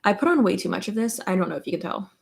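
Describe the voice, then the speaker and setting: A woman's voice: mid-range voice, expressive, racing, vocal fry. A woman livestreaming as a beauty creator, chatting casually while she does her makeup, rambling with lots of filler words.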